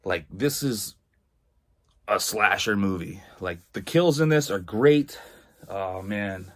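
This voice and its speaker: A man's voice: fairly low pitch, animated, slow. A man from Massachusetts giving a casual spoken film review, rambling and full of fillers, swearing freely. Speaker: movie reviewer.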